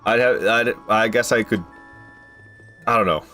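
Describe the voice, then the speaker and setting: A man casually chatting through a game stream, excitable and prone to swearing, swinging from mumbles to loud outbursts, recorded in a room at home. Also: fairly low pitch, unhurried, faint music behind. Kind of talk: casual gameplay commentary.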